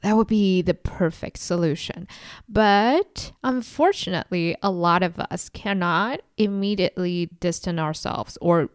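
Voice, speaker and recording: A woman's voice: lowish voice, unhurried, smooth, no room sound, clean studio sound. A woman in her twenties hosting a solo podcast, talking in a reflective, confiding way and sometimes mimicking people sarcastically. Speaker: podcast host.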